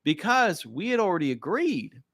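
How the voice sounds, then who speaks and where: Careless spendthrift husband, played by a man, airy and dismissive, lively pitch. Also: normal speed, heavily acted. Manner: breezy, dismissive. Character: reckless husband on a spending spree.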